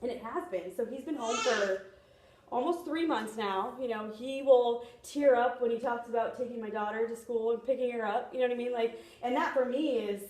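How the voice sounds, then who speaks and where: A young woman gives a chatty motivational talk at a sales training session in an echoey meeting room, often asking "you know what I mean?" Her voice is fairly high with a darkish tone and moderate pace, and there's a little hiss or hum.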